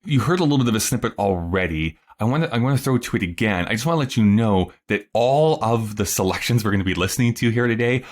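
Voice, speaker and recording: Chatty low-voiced male podcast host. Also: expressive, fast, few pauses. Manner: chatty, musing, lots of fillers. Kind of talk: casual podcast commentary.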